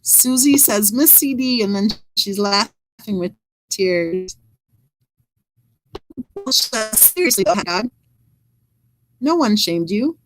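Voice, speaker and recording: A woman's voice: mid-range voice, expressive, slow pace, pauses often, slight background noise, poor audio. A woman hosting a true crime channel, reading live chat comments aloud and adding wry, chatty asides.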